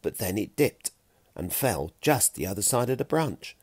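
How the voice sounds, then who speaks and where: A man narrating a children's storybook chapter with an animated, expressive reading. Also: lowish voice, normal speed, no echo, clean studio sound.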